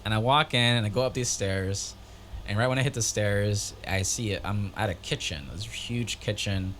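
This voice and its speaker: A man's voice: fairly low pitch, normal speed, a bit bright, a little hiss or hum. A man co-hosting a casual podcast, telling a story animatedly and acting out dialogue in a raised voice. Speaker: podcast co-host.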